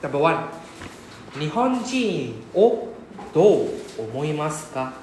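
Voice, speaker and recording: A man's voice: fairly high pitch, big pitch swings, a little slow, a little mellow, reverberant, slight background noise, low-quality recording. A man with a Singaporean English accent teaching a Japanese class, often checking with "right?". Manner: repeats "right?" to check understanding. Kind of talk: classroom lesson explanation.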